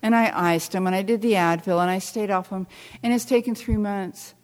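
An older woman speaks to an audience in a wry, self-mocking storytelling manner. Her voice sits at a middling pitch. The sound carries a long reverb from a large hall. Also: moderate pace, darkish tone. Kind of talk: storytelling talk to a live audience.

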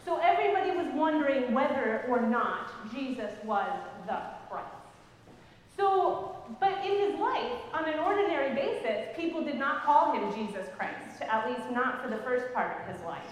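A woman pastor giving a sermon, explaining scripture in a gentle storytelling way and asking the congregation questions. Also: high voice, expressive, moderate pace, slight background noise. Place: church sanctuary. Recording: echoey church hall from a distance.

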